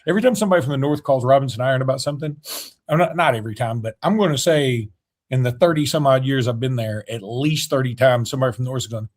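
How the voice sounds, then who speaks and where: A man, co-hosting a casual sports podcast, animated and jokey. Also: medium pitch, fast. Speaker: podcast co-host.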